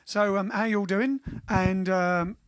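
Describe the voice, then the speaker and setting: A man's voice: high-pitched, fairly even intonation, unhurried, over music. A man hosting a casual live stream, bantering playfully and making jokes.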